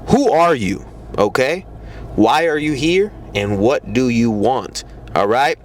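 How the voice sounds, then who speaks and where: A man talking straight to camera in a casual advice monologue, blunt and full of swearing. His voice sits at an ordinary middle pitch. He keeps slipping into mocking takes on how other men talk. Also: animated, slow pace, slight background noise. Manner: blunt and profane, mocking imitations. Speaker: dating advice vlogger.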